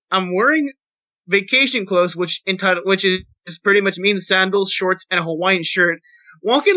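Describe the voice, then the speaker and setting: High, bright-voiced man telling rambling stories. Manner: rambling, profane, animated storytelling. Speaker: podcast host. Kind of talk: casual storytelling. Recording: dull lo-fi podcast audio.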